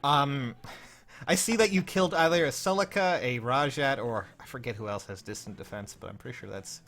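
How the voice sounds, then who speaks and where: A man's voice: mid-range voice, normal speed, a bit bright. A man hosting a casual livestream, flustered and rambling, often laughing as he reviews viewers' game builds. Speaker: livestream host.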